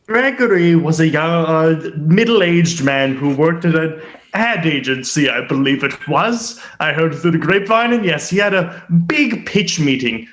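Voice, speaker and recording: A man's voice: fairly high pitch, animated, normal speed, a bit bright. A man improvising a comic story, rambling and correcting himself as he goes. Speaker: improv performer. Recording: echoey room.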